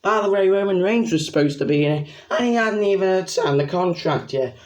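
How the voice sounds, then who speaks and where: Young guy ranting excitedly about a wrestling show, kinda high voice, all over the place. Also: a little fast. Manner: excitable, rambling, exclamatory. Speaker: wrestling reviewer. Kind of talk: casual spoken review.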